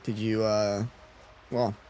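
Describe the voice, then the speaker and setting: A man's voice: on the low side, little pitch movement, takes it slowly, dark tone, slight background noise. A man live-streaming a game, chatting casually with his viewers and reading out their messages with a laid-back, chuckling manner. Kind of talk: casual live-stream chat while gaming.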